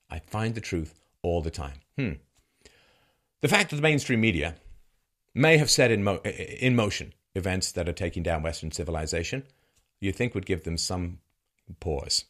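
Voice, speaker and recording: Sardonic man with an animated delivery. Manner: sardonic, mocking, with lively swings in pitch and bursts of laughter. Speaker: commentator. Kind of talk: monologue commentary.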